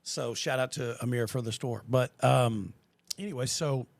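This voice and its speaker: A man's voice: medium pitch, normal speed, vocal fry, no room sound. A man who works at a car dealership, chatting casually on a podcast and telling stories with acted-out quotes. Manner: animated storyteller who acts out quotes.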